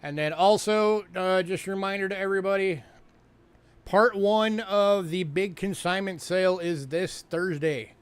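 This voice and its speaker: Chatty coin-sale host man, smooth voice. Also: high-pitched, a little slow. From New York. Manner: chatty, fillers, repeats himself. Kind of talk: casual livestream sales talk.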